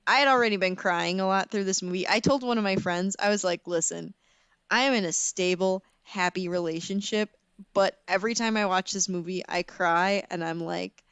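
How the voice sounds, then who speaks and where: A young woman co-hosting a podcast in casual chat, animated and laughing as she tells stories dramatically. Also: mid-range voice, moderate pace, clean tone, no echo. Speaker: podcast co-host.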